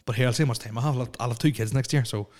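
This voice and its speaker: A man podcasts solo from a house with nobody else around, his casual chat full of rambling, stammers, fillers, and restarts. His mid-range voice is a little mellow and comes out rapid-fire.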